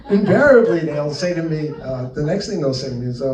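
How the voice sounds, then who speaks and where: Recorded from a distance in an echoing meeting room with a crowd audible behind him, this speaker from New Jersey talks a little fast in an expressive mid-range voice. Promoting his book, he gives a casual spiritual talk, telling rambling stories and performing bits of dialogue.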